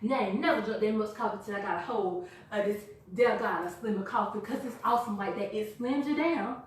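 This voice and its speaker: A woman giving an energetic, chatty sales pitch to a small live group, laughing and quizzing her listeners. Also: fairly quick, a little hiss or hum. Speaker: product presenter. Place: echoey room with a small live audience. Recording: echoey room from far off.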